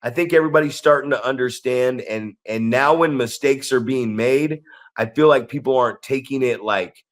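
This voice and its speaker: A man's voice: medium pitch, normal speed. Man rambling through a road-trip story. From Northern California. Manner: rambling, restarts sentences, acts out quoted people. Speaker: podcast co-host. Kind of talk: casual storytelling chat.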